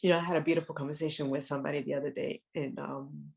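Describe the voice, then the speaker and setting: A woman's voice: sits low, fairly even intonation, gravelly. A woman co-hosting a podcast, chatting casually and stopping often to restart her sentences. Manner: halting, many restarts. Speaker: podcast co-host. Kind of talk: casual chat.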